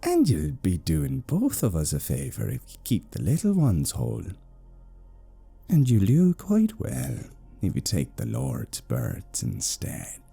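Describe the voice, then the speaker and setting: A man voicing an eerie, soft-spoken stranger who talks mildly in a whisper. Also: low voice, huge pitch swings, a little slow, gravelly, husky, soft background music, full character voice. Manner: mild, whispering.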